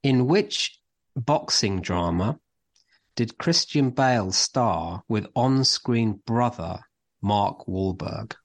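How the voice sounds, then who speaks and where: A man's voice: fairly low pitch, animated, takes it slowly, gravelly. A man co-hosting a casual podcast, chatting about TV and running a light quiz in a rambling, teasing way. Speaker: podcast co-host.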